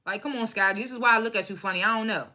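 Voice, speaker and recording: A woman's voice: mid-range voice, rapid-fire, bright, forceful tone. A young woman giving a blunt, profane, opinionated recap of a reality show episode, often imitating the cast members. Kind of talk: casual reality show review.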